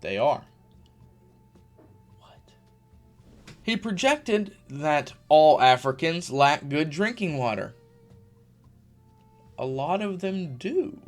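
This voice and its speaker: A man speaks in a slightly higher register, tossing out casual commentary on internet drama. He rambles conversationally, dropping sarcastic asides and fillers as he goes. Soft music plays quietly behind him. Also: sing-song, takes it slowly, long pauses. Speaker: YouTube commentator.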